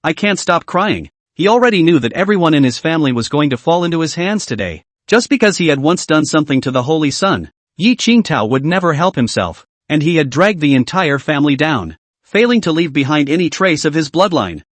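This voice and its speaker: A man's voice: fairly high pitch, very animated, brisk, no echo. A man narrating a dramatic story recap in a scripted way.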